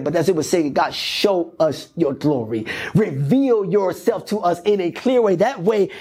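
Husky-voiced pastor preaching. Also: male voice, high-pitched, a little mellow. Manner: repetitive, emphatic preaching cadence. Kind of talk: sermon. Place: church.

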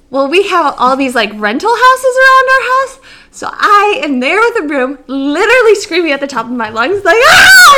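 Young woman telling a funny story, high and bright, keeps acting out lines, laughs a lot. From Great Lakes region, USA. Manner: animated, laughing, acts out quotes with big jumps in pitch. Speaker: podcast co-host. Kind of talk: casual storytelling chat.

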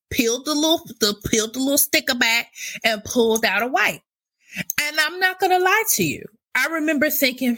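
A woman telling a comic personal story in casual, animated speech, stretching words for emphasis. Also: fairly high pitch, poor audio. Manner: animated, drawn-out emphatic delivery.

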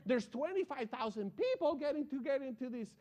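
Brief: man, sermon with personal storytelling, high voice, lively and excitable. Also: fairly quick. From Colombia. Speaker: preacher.

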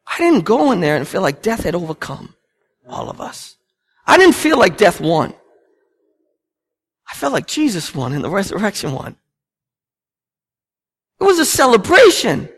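Lively, gravelly male pastor preaching. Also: high-pitched, normal speed, pauses often. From United States. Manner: storytelling, animated, acts out family scenes. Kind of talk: sermon.

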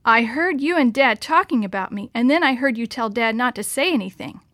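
A woman's voice: on the high side, expressive, a little fast, fairly bright tone, no room sound, clean studio sound. A woman reading aloud, voicing a hurt young girl who accuses her brother. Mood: upset.

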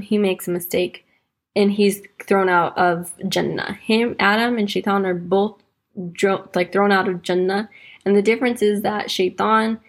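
A woman hosting a podcast, talking casually about faith and her own story with lots of "like" fillers, slowing down on key points. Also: mid-range voice. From United States, raised in Wisconsin. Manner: chatty, fills speech with "like", slows to stress points. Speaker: podcast host.

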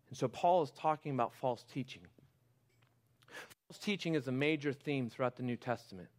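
A pastor preaching a sermon to his church, passionate, moving from quiet, intimate moments to loud, fervent exhortation. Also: mid-range voice, moderate pace, long pauses.

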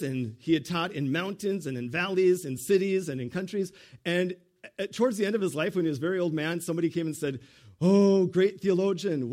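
A middle-aged man preaching a sermon, jumping up for emphasis and dropping low for asides. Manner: animated preaching, leaps high for emphasis, drops low for asides. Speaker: pastor.

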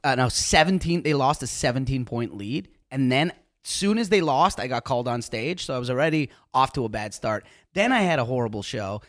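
A Canadian man chatting loudly in a podcast studio, his voice swinging up and down with lots of life. He projects like he's on stage and sits right on a close mic. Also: mid-range voice, brisk. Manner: animated, loud, projecting. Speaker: guest comedian. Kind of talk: casual podcast chat.

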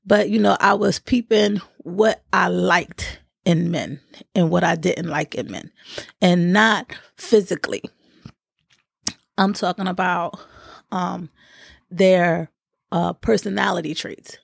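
A woman in her thirties spins a casual storytime, full of slang and sudden high-pitched jumps when she acts out what people said. Her voice has a gravelly fry to it, recorded close and dry with no room sound. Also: takes it slowly, pauses often, dry recording. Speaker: vlogger.

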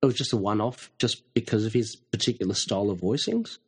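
A man's voice: fairly low pitch, quick pace, a little mellow, breathy edge. A man in a casual podcast chat, agreeable and asking short questions.

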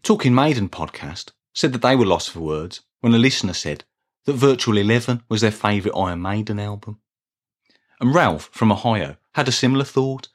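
A man with a Birmingham accent hosting a podcast, talking in a dry, deadpan way in a scripted monologue. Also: on the low side, normal speed. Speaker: podcast host.

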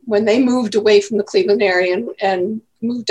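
A woman's voice: mid-range voice, fairly even intonation, brisk, a little mellow. A woman in her eighties, chatting casually as an interview guest and telling rambling stories. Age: 80s. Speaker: guest grandmother.

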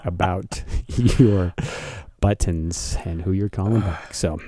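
A man co-hosting a podcast, telling a story in a casual chat, animated and laughing as he acts out the people in it. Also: low voice, takes it slowly, no room sound, studio quality. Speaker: podcast co-host.

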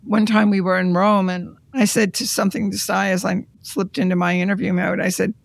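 An art conservator recounting their career in an interview, in a measured, reflective storytelling manner. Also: medium pitch, flat delivery, gravelly.

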